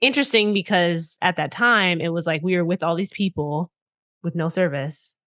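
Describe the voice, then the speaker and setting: Animated woman telling a story. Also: fairly low pitch, moderate pace. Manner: animated storytelling, acts out quotes, swears freely. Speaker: podcast co-host. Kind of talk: casual chat.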